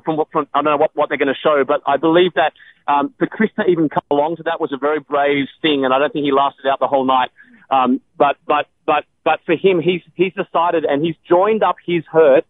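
A man, a guest on a call-in radio show, speaking earnestly with many halting restarts. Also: a little high, narrow, tinny audio, slight background noise. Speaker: radio guest answering callers.

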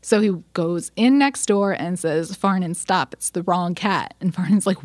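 A podcast co-host, a woman with a lowish voice, retells a story unhurriedly in casual chat, in a dry recording. The retelling is animated, full of fillers, with her acting out the quoted voices.

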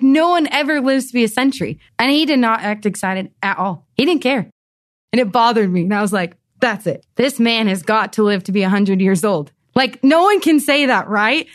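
A young woman telling a story in an interview, lively and animated, acting out the voices of the people she quotes. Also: a little high. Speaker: pianist and volunteer.

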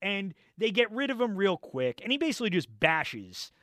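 Loud animated sports radio host, man. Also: sits high, normal speed, dry recording, studio quality. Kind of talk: heated sports talk. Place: radio studio. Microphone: studio microphone.

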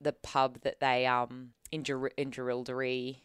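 A woman's voice: very deep voice, flat delivery, a little slow, crowd noise. An Australian woman co-hosting a podcast in casual chat, chatty and laughing easily, with casual swearing. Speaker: podcast co-host.

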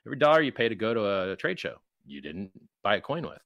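A man's voice: fairly low pitch, big pitch swings, quick pace, gravelly, no echo, dull audio. A man being interviewed, talking emphatically and acting out quoted exchanges in mocking voices. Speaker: guest, crypto founder. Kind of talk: animated interview talk.

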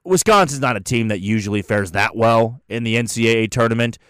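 A man's voice: medium pitch, brisk, fairly bright tone, clean tone, no echo, studio quality. A man hosting a solo sports show, breaking down a tournament bracket in an opinionated, chatty way. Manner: opinionated, chatty, restarts and fillers. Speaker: sports podcast host.

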